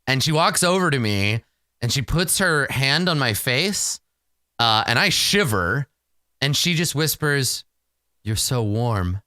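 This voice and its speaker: A man narrating his solo tabletop game in a relaxed, rambling and self-amused way. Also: mid-range voice, a little slow, dry recording, studio quality.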